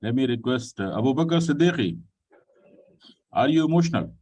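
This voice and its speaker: Soft-spoken man hosting an online talk. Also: medium pitch, lively intonation, slightly rough, recorded from a distance, rough recording. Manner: polite, addresses people with "ji" and "sir"; pauses with frequent fillers. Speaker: session host. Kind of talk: online group discussion.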